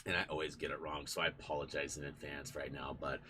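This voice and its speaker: A man's voice: a bass voice, flat delivery, fast talker, pushed and bright, slightly rough. A man hosting a casual live stream from in front of a green screen, chatting in a rambling way and thanking supporters by name.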